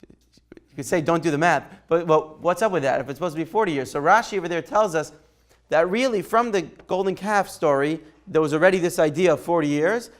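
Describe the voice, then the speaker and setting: Guy teaching a torah class, slightly high voice, chatty, keeps asking "right?". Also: a little fast. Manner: conversational, takes questions by name, asks "right?". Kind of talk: informal Torah lesson.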